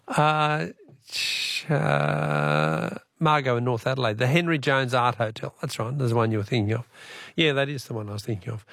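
A man's voice: mid-range voice, fairly bright tone, no room sound, studio quality. An Australian man hosting a talkback radio quiz, chatty and matey, reading out listener texts.

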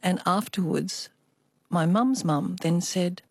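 Older woman, radio guest, lowish voice, reflective storytelling, dry studio sound. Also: normal speed, darkish tone, no echo. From Australia. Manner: reflective storytelling, with small restarts. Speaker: guest, artist. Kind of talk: radio interview.

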